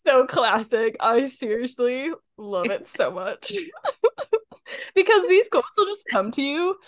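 A woman's voice: high voice, lively intonation, takes it slowly, no echo, studio quality. A young woman co-hosting a casual podcast, gushing about an episode, often laughing and quoting lines. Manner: giggly and gushing, breaks into laughter and quotes lines in a put-on voice. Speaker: podcast co-host. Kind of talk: casual podcast chat recapping a cartoon episode.

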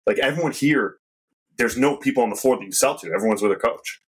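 Fast-talking husky man, chatty host. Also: mid-range voice, low-quality recording. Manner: quick, chatty, lots of "like". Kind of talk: casual podcast chat.

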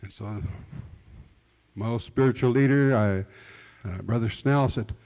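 Male pastor, folksy sermon storytelling, repeats his words, everyday mid pitch, long reverb of a church hall. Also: measured pace, a little mellow. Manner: folksy, conversational telling with repeated words and nonstandard grammar.

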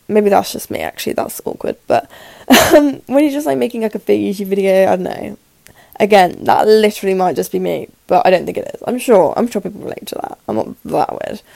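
Nervous eighteen-year-old woman, gravelly voice. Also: medium pitch, darkish tone, dry recording. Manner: rambling, nervous, fast, lots of "like". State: sore throat from covid. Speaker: podcast host. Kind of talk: casual solo podcast chat. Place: her room in the evening.

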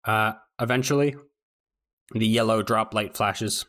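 A man narrating as game master of a tabletop role-playing game, relaxed and joking with his players. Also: fairly low pitch, measured pace. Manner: relaxed, joking, stops to laugh at his own flubbed accents.

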